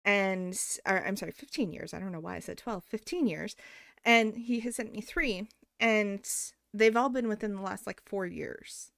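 A woman hosting a podcast, chatting casually and telling animated stories with frequent laughter. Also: medium pitch, moderate pace, creaky, no room sound, studio quality. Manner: animated storyteller, laughs often. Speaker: podcast host.

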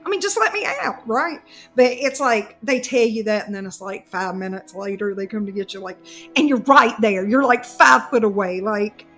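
A woman, telling a comic story on a podcast in a casual, animated way and laughing as she goes. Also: medium pitch, normal speed, faint music behind. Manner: animated, laughs through her own story. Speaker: podcast co-host.

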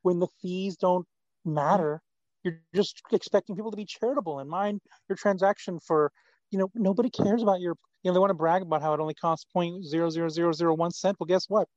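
A man's voice: sits high, fairly even intonation, quick pace, a little mellow, no room sound. A man as a podcast guest, blunt and dismissive in casual chat. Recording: dull lo-fi sound.

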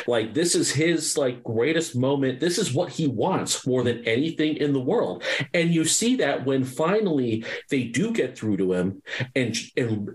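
A man's voice: medium pitch, lively intonation, unhurried. A man on a podcast panel, talking in an earnest, casual way and sometimes losing his train of thought. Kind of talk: casual chat.

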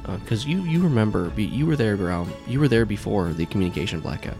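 A man narrating as game master in a rather low voice, describing scenes in a loose, rambling way full of "like" and restarts. Music plays clearly in the background. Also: lively intonation, quick pace.

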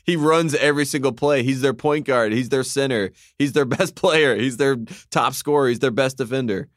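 Male co-host, emphatic casual sports chat, dry recording, mid pitch. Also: moderate pace, no room sound. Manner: animated, emphatic, repeats points. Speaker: podcast co-host.

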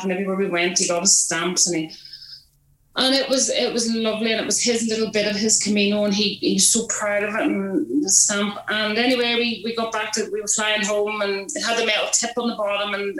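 Northern Irish woman, animated anecdote-teller, recorded in a roomy space. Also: medium pitch, fairly quick, a little hiss or hum. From Belfast, Northern Ireland. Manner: chatty, animated, lots of restarts and acted-out quotes. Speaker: guest. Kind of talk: casual storytelling.

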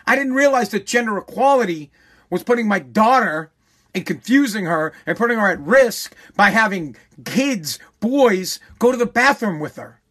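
A man's voice: high voice, expressive, normal speed, a bit bright. A man hosting a show, delivering a heated, profane opinion rant and repeating phrases for emphasis.

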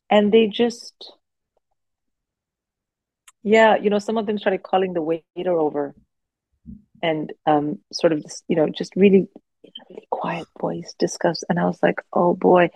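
A woman in her forties, a guest comedian telling animated stories in casual podcast chat. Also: medium pitch, creaky, no room sound, muffled recording. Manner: animated, expressive anecdotes with frequent restarts.

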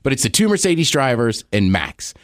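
Guy cohosting a podcast, gets nerdy about racing, bouncy lively voice. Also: medium pitch, moderate pace, dry recording, studio quality. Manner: eager, nerdy sports explainer. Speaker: podcast co-host. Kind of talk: casual chat.

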